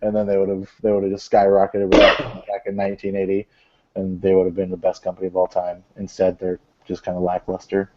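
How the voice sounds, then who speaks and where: A man's voice: deep voice, completely flat delivery, fast, heavy background noise. A man hosting a casual podcast, reading out gaming news in a rambling, joking way with lots of fillers. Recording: dull lo-fi podcast audio.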